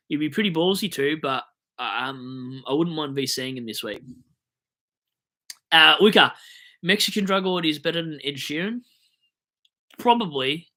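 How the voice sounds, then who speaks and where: A man's voice: mid-range voice, bright, forceful tone. A young Australian man hosting a fantasy football live stream, rambling and joking as he answers chat comments, with hiccups.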